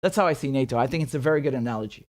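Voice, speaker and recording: A man's voice: mid-range voice, racing, no echo, clean studio sound. A man hosting a live stream, commenting casually and answering chat in a blunt, profane way, with many restarts, while nursing a headache. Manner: blunt, profane, animated, with many repeated words. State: has a headache.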